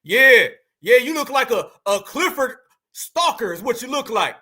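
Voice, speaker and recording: A man's voice: extremely high pitch, sing-song, measured pace, bright, forceful tone, husky. A man hosting a reaction commentary, mocking the people in the clips and calling his viewers fam. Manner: mocking, calls viewers fam, mimics others. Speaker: commentary channel host.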